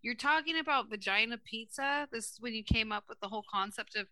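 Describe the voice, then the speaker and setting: A woman with a bright, forceful voice co-hosts a casual podcast. She swears freely and tells her stories with plenty of animation. The recording is dry and close. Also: fairly high pitch, fairly quick, no echo. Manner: brash, profane storyteller, animated retellings. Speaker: podcast co-host. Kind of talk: casual chat.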